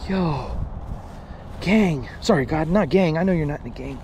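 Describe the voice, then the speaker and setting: A man in his thirties vlogging outdoors in the woods, rambling, joking and swearing, getting excited over finds. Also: on the high side, moderate pace, a little hiss or hum. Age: 30s. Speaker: paranormal explorer vlogger. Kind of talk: casual outdoor vlog.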